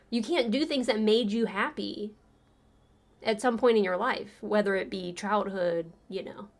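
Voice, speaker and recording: A woman's voice: medium pitch, unhurried, creaky, pauses often. A woman livestream host chatting casually and sarcastically, laughing often as she retells a story.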